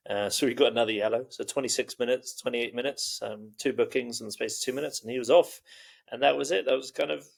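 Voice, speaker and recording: A man's voice: mid-range voice, steady tone, quick pace, creaky. A man co-hosting a casual football podcast, rambling and joking with plenty of "um" and "uh". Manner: rambling, jokey, heavy on fillers. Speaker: podcast co-host.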